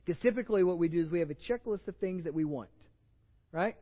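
A man's voice: on the high side, fast talker. Texan male pastor, casual stumbling sermon delivery, dull recording in a reverberant sanctuary. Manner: conversational, repeats words and restarts, jokes with the congregation. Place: church sanctuary with long reverb.

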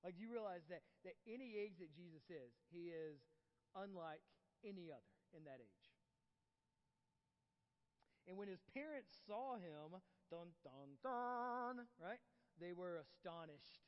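High-voiced preacher in an echoing church hall. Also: male voice, animated, measured pace, pauses often. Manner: conversational preaching, checks in with the congregation. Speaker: pastor. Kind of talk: sermon. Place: church sanctuary. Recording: reverberant hall, dull muffled audio, soft guitar.

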